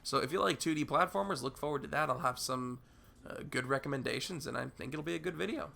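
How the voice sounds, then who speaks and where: Sick and hoarse, this young YouTube gaming host chats loosely in a vlog Q&A about his channel, rambling, repeating himself, and dropping plenty of "uh"s. His voice sits fairly high and comes out fast, creaky, pushed, and bright.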